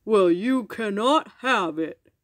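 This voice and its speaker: A woman putting on a slow, gloating giant. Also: animated, no room sound. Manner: slow, booming, mocking. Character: boastful male giant, big and gloating. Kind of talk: storybook reading.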